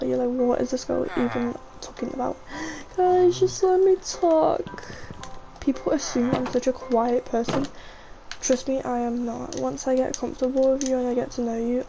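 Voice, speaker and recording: A woman's voice: on the high side, creaky, background noise. A chatty young woman, rambling casually over her gameplay and often saying "mate". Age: young adult. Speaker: gaming vlogger.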